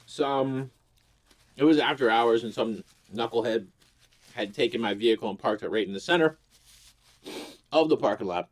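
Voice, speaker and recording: On his own channel, a male host tells a crude, rambling, swear-filled comic story in a casual way. His medium-pitched voice moves at a moderate pace with long pauses.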